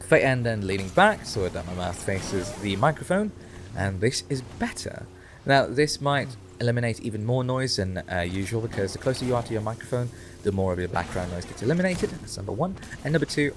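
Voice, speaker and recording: Rambling, animated male game streamer. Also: fairly low pitch, noisy background. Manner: rambling, animated, drifts off topic. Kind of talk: casual gameplay stream chat. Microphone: condenser mic close below the chin.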